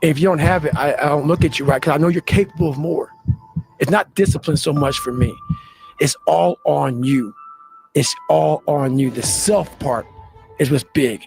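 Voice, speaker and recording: A man in his forties delivers a blunt, profane motivational talk. His fairly high voice is gravelly with fry. Faint music plays behind him. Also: normal speed, darkish tone. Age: 40s. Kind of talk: motivational speech.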